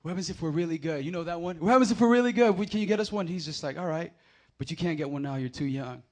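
A man preaching a sermon, swinging from loud emphatic scripture readings to quiet, casual storytelling. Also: fast talker. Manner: builds to loud emphatic proclamations, then drops low for anecdotes.

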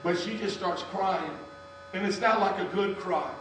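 High-voiced preacher in an echoey hall. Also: male voice, unhurried, fairly bright tone. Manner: storytelling preacher, calls on the congregation to respond. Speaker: pastor. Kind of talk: sermon. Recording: echoey hall from far off, mains hum.

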